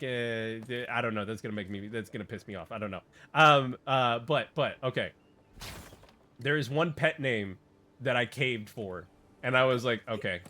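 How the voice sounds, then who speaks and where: A man's voice: medium pitch, a bit bright. A man chatting casually on a gaming stream, rambling and joking with lots of fillers and restarts.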